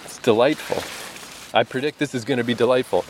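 A man's voice: mid-range voice, a little fast, a little hiss or hum. A Canadian man talking casually to his camera outdoors in the rain, laughing often and swearing now and then. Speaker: vlogger. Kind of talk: casual vlog monologue.

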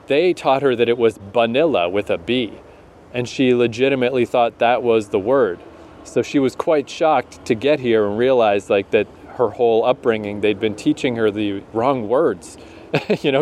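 Young Canadian male co-host, animated and laughing, mid-pitched, faint background noise. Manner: animated, laughs often, slows down to make a point. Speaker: podcast co-host. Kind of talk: casual chat.

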